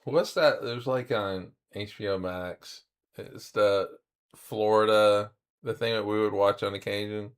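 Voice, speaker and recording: Deep-voiced man with dry remarks. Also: steady tone, a little slow, smooth. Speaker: podcast co-host. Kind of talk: casual chat.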